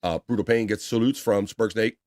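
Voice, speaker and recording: A man hosting a casual livestream, reading viewer chat shout-outs aloud with laughs and loose swearing. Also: on the low side, steady tone, a little fast, no room sound, clean studio sound.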